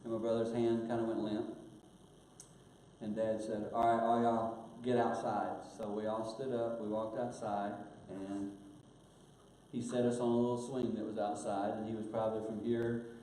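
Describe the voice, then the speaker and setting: An older man telling a personal story in a sermon, earnest, growing hushed at painful moments. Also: lowish voice, flat delivery, moderate pace. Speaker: guest speaker. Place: church auditorium. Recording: very echoey church hall, faint hiss.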